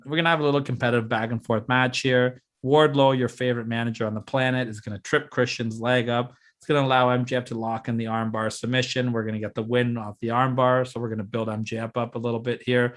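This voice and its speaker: A man co-hosting a casual podcast chat, excitedly walking through his plans step by step and teasing his co-host. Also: mid-range voice, fairly quick. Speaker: podcast co-host booking a fantasy wrestling show.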